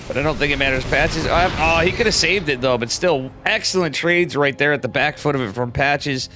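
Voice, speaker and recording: Tired male solo caster, loose and chatty, gets loud when fights start; music running underneath. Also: on the high side, a little fast, few pauses. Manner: casual and chatty, rising sharply when a fight breaks out. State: tired, yawning. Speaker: esports commentator. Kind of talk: solo live game commentary.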